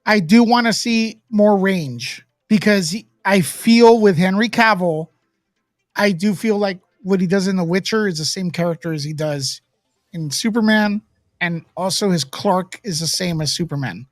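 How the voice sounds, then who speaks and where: A man in his fifties hosting a casual livestream chat, animated and opinionated, often acting out quotes. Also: high-pitched, normal speed, no room sound, faint music behind. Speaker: host.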